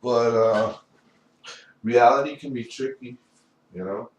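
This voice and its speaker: A man's voice: mid-range voice, takes it slowly, muffled recording. A man talking in a rambling, profane solo monologue, often filling with "you know". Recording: echoey room, voice far from mic, faint background noise.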